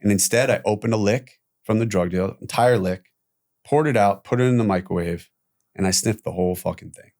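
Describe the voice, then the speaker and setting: Man telling a candid story, animated. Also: fairly low pitch, a little fast. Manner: animated retelling with profanity, acting out quoted voices. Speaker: podcast guest.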